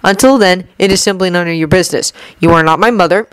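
A woman's voice: on the low side, fast talker, smooth, no echo, close to an everyday voice, rough recording. A defiant teenage boy wizard, curt and resentful, read by a woman in a close, dry recording. He sounds fed up and guarded, snapping back at his friends. It is a plain, lightly acted storybook voice.

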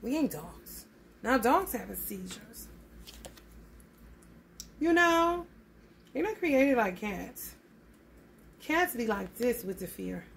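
A woman's voice: medium pitch, very animated, takes it slowly, vocal fry, slight background noise. A woman giving a casual tarot reading, blunt and profane, calling her listeners honey. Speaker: tarot reader.

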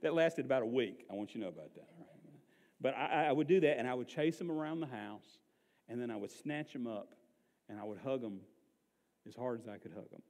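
A man's voice: mid-range voice, lively intonation, a little fast, darkish tone, in a large hall. A man preaching an Easter sermon to a congregation, conversational and emphatic, often asking the room questions. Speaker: pastor. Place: church service.

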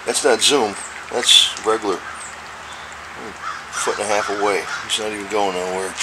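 Filming cats on a handheld camera near outdoor steps, a vlogger rambles casually in a fairly low voice at normal speed with fairly even intonation, laughing between remarks. He raises his voice to a high, coaxing pitch when addressing the cats. The recording is noisy, with birds and traffic clearly heard.

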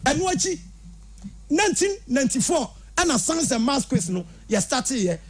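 A man with a Ghanaian accent, telling stories in an animated, casual radio chat and mixing English with Twi. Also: very high-pitched, moderate pace. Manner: animated storytelling, switching between English and Twi.

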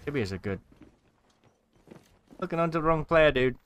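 A man's voice: fairly high pitch, lively intonation, normal speed, background noise. A man giving casual commentary over gameplay, cheering at the screen and mocking the players he watches. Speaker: gaming commentator.

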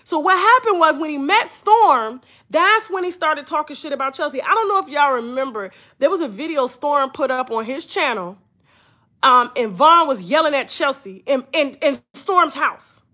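A woman, hosting a blunt, profane, animated storytime commentary. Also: high voice, moderate pace. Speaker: commentary channel host.

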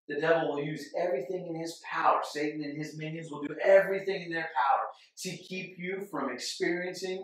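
A man preaching a sermon, voice a little high for a man, swinging between loud, fired-up passages and hushed, quiet ones. He is recorded from well back across an echoey church sanctuary, so the room rings around every word. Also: far from the mic. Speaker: pastor. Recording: echoey church hall from off-mic.

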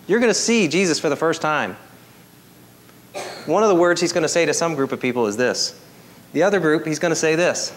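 A man preaching a sermon as pastor, swinging from emphatic high peaks to soft, quiet appeals. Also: expressive, a little fast.

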